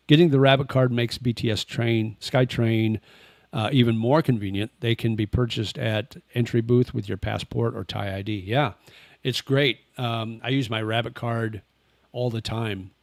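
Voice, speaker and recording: A man's voice: on the low side, fairly even intonation, moderate pace, no room sound. Easygoing older man chatting on a stream. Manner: rambling, easygoing, answers chat questions. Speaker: livestream host. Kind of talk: casual livestream chat. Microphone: webcam with face tracking.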